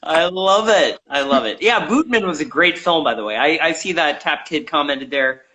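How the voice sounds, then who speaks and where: A man hosting a casual live interview on a video call, enthusiastic and quick to affirm his guest. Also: fairly high pitch, expressive, pushed and bright. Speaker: interview host.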